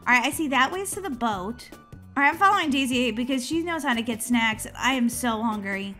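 A woman with a high, very bright voice narrates her game play. She gives excitable let's-play commentary, swooping all over her range, giggling often and letting out shrieks whenever something chases her. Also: a little fast, faint music behind. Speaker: gaming channel host.

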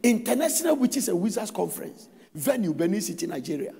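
In a church hall with a big-room sound, a pastor with a Ghanaian English accent preaches, swinging between shouted, sing-song exhortation and quieter storytelling. His voice sits high, with big pitch swings, fast delivery, creakiness, and a breathy edge.

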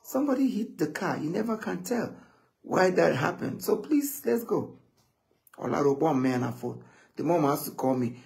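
Animated man. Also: on the high side, moderate pace, creaky. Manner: animated, switching between English and Igbo, quoting others. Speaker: guest in a live chat. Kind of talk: casual storytelling chat.

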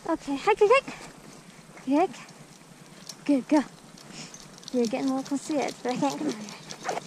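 A woman's voice: high-pitched, expressive, moderate pace, pauses often, a little hiss or hum. A woman riding behind her dog on a trail, calling out short commands and praise. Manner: calls out short commands like hike, wait and good girl. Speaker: dog owner on a sulky run. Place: outdoors on a trail.

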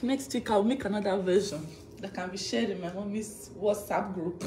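A woman on a live stream, thanking fans over and over, laughing often and drawing out slow thank-yous. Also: medium pitch, mellow, a little hiss or hum. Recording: echoey room with faint ambience.

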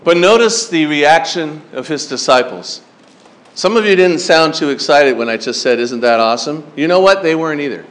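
High-pitched male pastor, animated storyteller, preaching to teens. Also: moderate pace. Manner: animated storytelling, acts out his younger self; asks the crowd questions. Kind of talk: sermon to teen campers.

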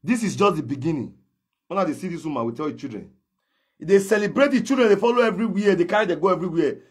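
A man's voice: high-pitched, lively intonation, quick pace, slightly rough. A man with a Nigerian Pidgin English accent, confronting someone in a heated gossip commentary. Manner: confrontational, calls out and challenges directly. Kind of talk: ranting social media commentary.

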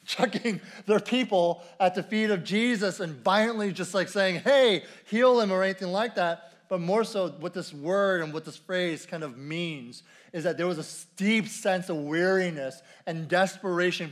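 A man preaching a sermon at a church service in a conversational way, repeating key phrases and asking the congregation questions. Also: high-pitched. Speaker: pastor.

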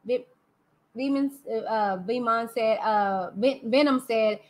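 A woman with a Texan accent hosting a live stream, talking candidly and lively straight to her viewers. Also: on the high side, takes it slowly. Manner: lively and candid, talks straight to viewers with "y'all" and "you know what I'm saying". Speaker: livestream host. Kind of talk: casual live-stream commentary.

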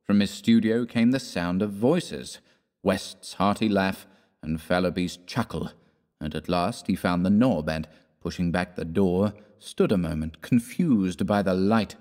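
A man narrating a classic horror story in a measured, dramatic storytelling manner. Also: deep voice, a little mellow, in a large hall. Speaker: audiobook narrator.

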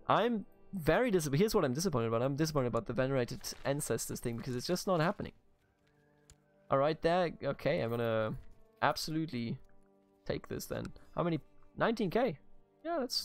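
A man from Bavaria with a German accent, casually commenting on a strategy game he plays, swearing, laughing and talking to the game's characters. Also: on the high side. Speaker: let's play host.

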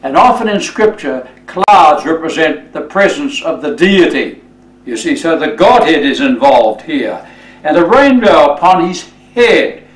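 A male pastor preaching a sermon, slow and emphatic, often addressing listeners as friends. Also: a little high, big pitch swings, roomy sound, recorded from a distance, low-quality recording.

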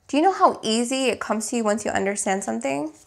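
A woman giving a spiritual tarot reading, speaking in slow, emphatic affirmations and at times searching for words. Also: fairly high pitch, animated, vocal fry, a little hiss or hum. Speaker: tarot reader.

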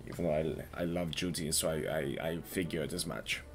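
A man voicing a male hotel witness with a shaky attempt at a German accent, speaking in a hesitant, halting way. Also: extremely low pitch, gravelly, noisy background.

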